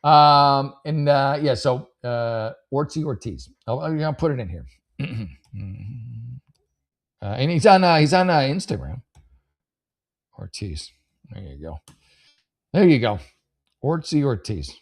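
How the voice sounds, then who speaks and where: A man's voice: mid-range voice, big pitch swings, slow, pauses often. A man hosting a casual podcast, rambling through online posts and giving blunt advice, with many fillers and some swearing. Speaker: podcast host. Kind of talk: casual chat reading and advising on online posts.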